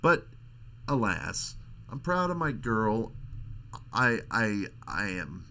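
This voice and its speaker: A middle-aged man hosting a podcast, rambling in a crude, halting casual monologue. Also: on the low side, sing-song, gravelly, pushed and bright. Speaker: podcast host.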